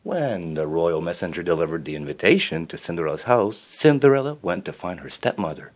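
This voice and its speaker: Low-voiced male storybook reader. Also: brisk. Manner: expressive with small slips and restarts. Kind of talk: reading a children's storybook aloud.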